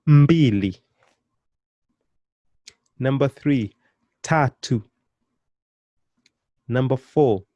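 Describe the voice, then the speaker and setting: A man leads a beginner lesson with a mellow, dark voice, recorded close and dry. He repeats each word slowly for learners to copy and cheers them on, his pitch and volume leaping up now and then. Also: no echo, dull audio. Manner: animated, with sudden jumps in pitch and volume. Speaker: language teacher.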